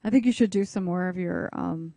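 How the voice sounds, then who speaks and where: Mellow, gravelly woman co-hosting radio. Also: lowish voice, brisk, no room sound, clean studio sound. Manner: teasing, laughs easily. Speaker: radio talk show co-host. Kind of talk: casual banter on talk radio. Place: radio studio.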